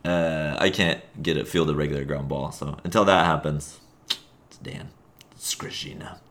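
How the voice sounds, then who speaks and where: A man's voice: very deep voice, fairly even intonation, moderate pace, fairly bright tone. A man co-hosting a podcast, chatting casually about a recreational league, rambling with fillers and chuckles. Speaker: podcast co-host. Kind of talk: casual sports chat.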